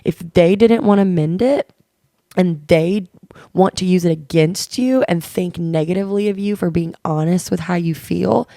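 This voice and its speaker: Chatting casually on a podcast she co-hosts, a woman speaks at a moderate pace in a slightly low, warm voice threaded with gravelly fry. She is candid and earnest, telling stories and slipping into quoted dialogue. The recording is dry and close.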